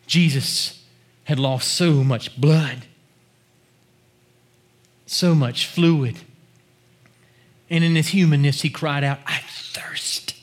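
A man preaching a sermon, building chanted refrains to shouted climaxes before dropping to quiet, earnest teaching. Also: medium pitch.

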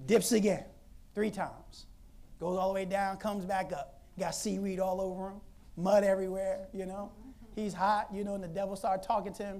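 A woman preacher telling a Bible story in an animated, conversational sermon, laughing often. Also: medium pitch, normal speed, a little hiss or hum.

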